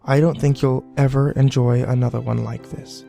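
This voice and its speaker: A man playing a reserved, meticulous husband and naval officer who speaks calmly and with quiet assurance. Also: mid-range voice, normal speed, creaky, soft background music, lightly acted. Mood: ominous.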